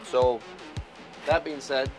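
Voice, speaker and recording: A man's voice: medium pitch, steady tone, slow, music in the background. Worn-out male equipment operator, casual and wisecracking, self-recorded outdoors on a handheld camera. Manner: chatty, joking, self-deprecating. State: tired after a long hot week. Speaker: heavy equipment operator and vlogger. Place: outdoor construction site.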